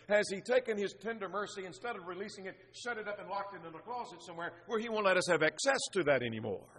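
Bright-voiced preacher in a reverberant hall. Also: male voice, fairly high pitch, breathy edge. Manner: earnest, piles up rhetorical questions. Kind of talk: expository sermon on a psalm. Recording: long reverb of a large hall.

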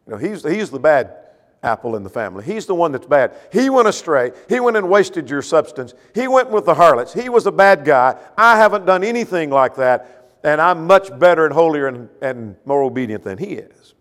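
A man preaching a sermon, with rhetorical questions and swings between loud emphasis and quiet, low asides. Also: expressive, fairly quick, in a large hall.

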